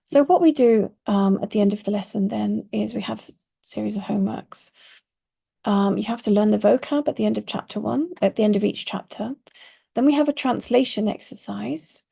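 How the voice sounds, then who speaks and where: A woman teaching a Quranic Arabic course speaks in a mellow, low-toned voice with a heavy gravelly fry. Her delivery is husky and breathy, and she explains each point patiently, leaning on the words she wants to stress. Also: normal speed. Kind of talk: online course lesson.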